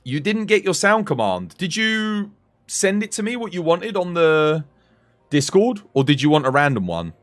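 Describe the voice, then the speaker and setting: Chatty man, lively streamer. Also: fairly high pitch, normal speed. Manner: chatty, animated, slangy. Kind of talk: casual live-stream chat and gameplay commentary.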